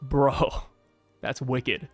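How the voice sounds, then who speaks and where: A man hosting his own manga review videos, talking casually with excitable, slangy asides. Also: mid-range voice, drawn-out words, no room sound, soft background music. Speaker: manga review channel host.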